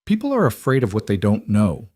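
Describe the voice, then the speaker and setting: A man voicing a wary young woman drifter in a storybook reading, speaking carefully and slowly. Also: lowish voice, huge pitch swings, warm tone, no echo, clean studio sound. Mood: guarded. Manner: careful, measured.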